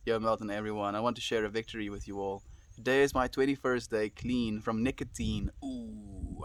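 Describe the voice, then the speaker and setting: A young man chatting calmly on his live stream, reassuring viewers and often calling them "my friend". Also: on the low side, a little slow. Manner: calm, reassuring, says "my friend" a lot. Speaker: livestreamer. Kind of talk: casual live stream chat reading viewer comments. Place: at home.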